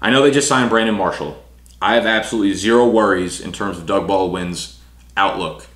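Young man, low voice, casual rankings chat, fillers, echoey room. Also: fairly bright tone. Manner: fast casual delivery with fillers like "you know". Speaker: fantasy football analyst.

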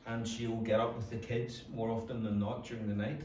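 A man with a Northern Irish accent, a pastor preaching a sermon in earnest, with quick acted-out asides. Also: mid-range voice, little pitch movement, a little mellow, slight background noise. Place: church hall. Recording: echoey church hall from a distance.

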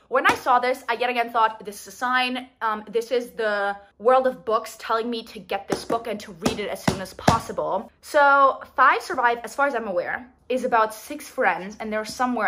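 Brief: young female vlogger, chatty and playful, a touch high. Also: moderate pace, noisy background. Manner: chatty, bubbly, playful asides. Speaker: book vlogger. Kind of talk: casual vlog narration.

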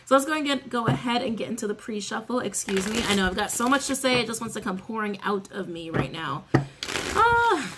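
A woman's voice: a little high, very animated, a little fast, very noisy. A woman giving a casual spoken tarot reading, chatty and sassy, swearing freely and repeating her phrases. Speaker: tarot reader.

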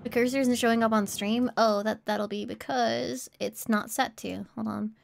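Sick woman streamer, teasing and sardonic, slightly high voice. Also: fairly even intonation, moderate pace, vocal fry, a little hiss or hum. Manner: teasing, sardonic chatter at chat. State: ill, throat infection. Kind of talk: casual live gameplay commentary.

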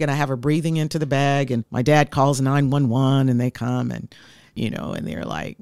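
A woman's voice: rumbling low, animated, normal speed, clean tone, no room sound, clean studio sound. A woman in her fifties, a guest telling her life story in an interview, heartfelt and reflective.

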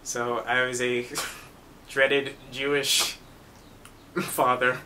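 Young actor guy telling stories about his roles, chatty, cracks himself up, crisp bright voice. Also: mid-range voice, flat delivery, extremely slow, slight background noise. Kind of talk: casual interview.

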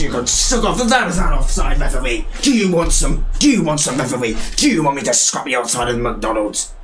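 A young British man giving excitable, cheeky live commentary on a football video game, with game music behind him. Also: fairly high pitch, fairly quick, slight background noise. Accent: British English. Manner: excitable, shouting and cheeky trash talk. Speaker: gaming YouTuber.

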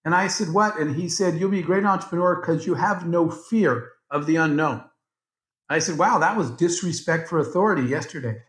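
A man's voice: a little high, fairly quick, a bit bright. A man, a guest entrepreneur in a podcast interview, telling stories and acting out the dialogue he quotes. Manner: anecdotal, acts out quoted dialogue. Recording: roomy, echoey sound.

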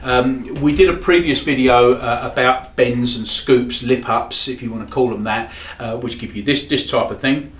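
A man, teaching saxophone in a halting, explanatory way with frequent pauses. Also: medium pitch, a bit bright. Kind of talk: demonstrating tutorial. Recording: echoey room with faint background noise.

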